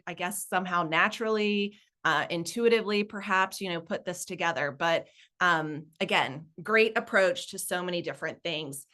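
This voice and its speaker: Southern woman in her forties, webinar presenter, chatty and upbeat, bright crisp voice. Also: on the low side. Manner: upbeat, chatty, laughs easily. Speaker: nonprofit consultant presenting a webinar.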